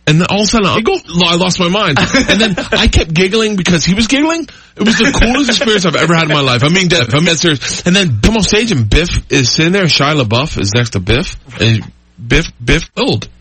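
A man guesting on a podcast, telling rambling, excitable stories with frequent laughter in casual chat. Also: high voice, a little fast, husky, dry recording. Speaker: comedian guest.

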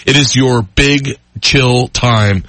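A man's voice: medium pitch, slow pace, fairly bright tone, no echo. A middle-aged man telling rambling stories as a podcast guest, often laughing mid-sentence. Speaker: guest storyteller. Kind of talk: casual podcast chat.

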